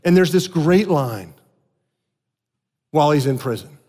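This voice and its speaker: A man preaches with a high, lifting voice that rings through a long hall reverb. He drops into quiet, low asides, then climbs back to raised, emphatic lines. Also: expressive, a little slow. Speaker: pastor. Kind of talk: sermon. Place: church sanctuary.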